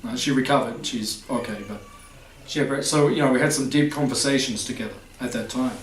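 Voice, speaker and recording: A man's voice: medium pitch, fairly quick. A man giving a chatty spiritual talk, often quizzing his audience. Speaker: spiritual teacher. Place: festival hall. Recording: roomy hall, distant mic.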